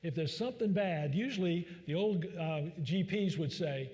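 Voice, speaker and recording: A man's voice: a little high, lively intonation, normal speed, a little mellow. A man, a doctor, giving a joking, folksy public talk full of fillers in a large church hall. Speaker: physician speaker. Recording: long reverb of a large hall.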